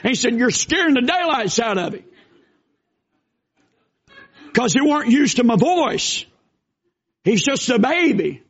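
High-voiced older preacher, shouting. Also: male voice, sing-song, moderate pace, husky. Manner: preaching with shouted bursts and folksy asides. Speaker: pastor. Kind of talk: sermon. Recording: dull lo-fi sound.

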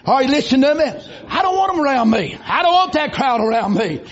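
A man preaching a revival sermon in church, folksy and rising into shouted bursts. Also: extremely high pitch, expressive, fast. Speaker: visiting preacher. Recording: dull lo-fi recording.

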